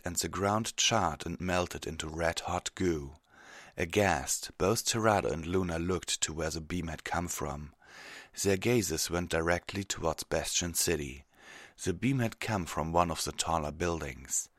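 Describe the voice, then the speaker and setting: A man with a very deep voice reads a fantasy story aloud. His delivery is steady and measured, and the recording is dry and close. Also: dry recording. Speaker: narrator. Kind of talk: audiobook reading of fiction.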